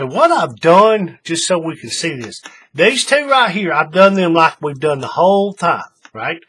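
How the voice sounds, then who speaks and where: Husky-voiced man demonstrating a craft. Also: fairly high pitch, big pitch swings, measured pace, fairly bright tone. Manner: folksy, chatty, addresses viewers as folks; talks while working with his hands. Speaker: craft tutorial host. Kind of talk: casual hands-on craft demonstration.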